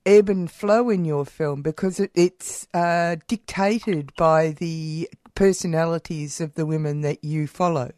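A radio host interviewing a guest, pausing often with "uh" while hunting for words. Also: mid-range voice, steady tone, darkish tone, dry recording, clean studio sound. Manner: hesitant, many "uh" pauses.

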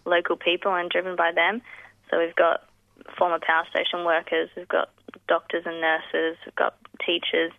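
A woman's voice: fairly low pitch, vocal fry, no echo. A woman speaking earnestly as a campaign spokesperson in a phone interview, with fillers and restarts. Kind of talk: phone interview on community radio. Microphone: telephone. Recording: tinny phone line, dry.

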